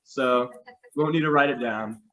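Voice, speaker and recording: A man's voice: medium pitch, normal speed, fairly bright tone. A man hosting, prompting family members to share their stories.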